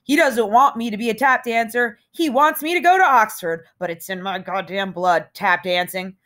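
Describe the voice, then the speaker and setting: A woman's voice: on the high side, moderate pace, fairly bright tone, pitched above the performer's own voice, natural voice. A woman voicing a restless teenage schoolboy clowning around in a hammy, theatrical way.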